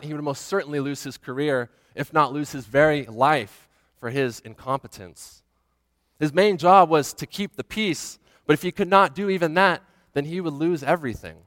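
A man retelling a scripture story dramatically, swinging from hushed passages to loud ones. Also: on the high side, dry recording, in a large hall.

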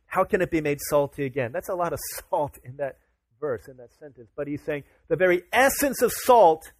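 A man's voice: a little high, animated, a little fast, no room sound. A man preaching a sermon to his congregation, casual and chatty, rising to emphatic declarations. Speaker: pastor.

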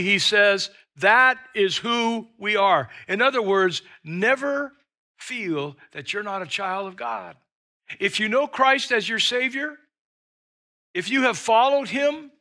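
An older man delivers a sermon in a high, bright voice at an unhurried pace. He tells stories with humor and swings from loud, shouted lines to soft, hushed ones. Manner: dynamic preaching, shouting quoted lines then dropping to a hush; storytelling with humor. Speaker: pastor.

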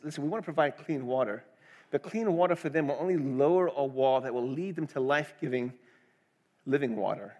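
A middle-aged man preaching a sermon, earnest and conversational, asking the congregation questions. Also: high voice. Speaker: pastor.

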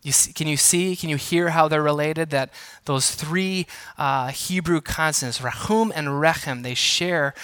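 Pastor guy giving a sermon, brightish higher voice, playful, gets the crowd to repeat stuff, dry close sound. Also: a little slow, clear, resonant tone, no room sound. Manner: engaging teacher, asks congregation to respond; playful self-deprecating asides.

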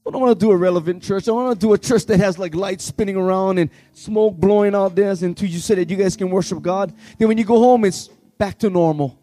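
High-voiced fervent preacher man. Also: fast, hardly any pauses, soft background music. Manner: fervent, pleading, swings between shouting and hushed tones. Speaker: worship leader. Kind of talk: impassioned youth revival sermon.

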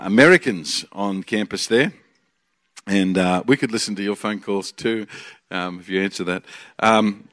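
A man's voice: fairly low pitch, fairly bright tone, no room sound, clean studio sound. An Australian man in his forties, a guest pastor preaching a chatty, joking sermon with bursts of energy.

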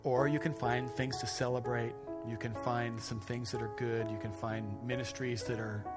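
A pastor preaching a sermon to a congregation, joking and self-deprecating with animated asides. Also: male voice, mid-range voice, normal speed. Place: church stage before a congregation. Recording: music playing behind the speaker.

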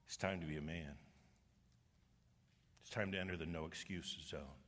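A middle-aged man preaching a sermon, animated and humorous, rising to forceful exhortation. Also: extremely low pitch, normal speed. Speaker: pastor. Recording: long reverb of a large hall.

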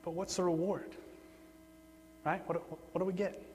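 A man preaching a sermon in a relaxed, conversational way, often repeating words for emphasis. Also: high voice, moderate pace. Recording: long hall reverb, faint mains hum.

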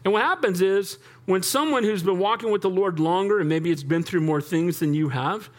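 A male pastor preaching a sermon in a lively, conversational way, often asking the congregation for an amen. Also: high voice, normal speed.

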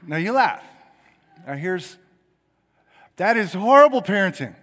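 A middle-aged male pastor delivers a sermon in an animated, conversational style. His voice sits a bit high and swings widely in pitch, punching some lines hard and dropping others almost to a murmur. The sound carries a long church-hall reverb. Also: measured pace. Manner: animated, conversational preaching with sudden loud emphasis and quiet asides.

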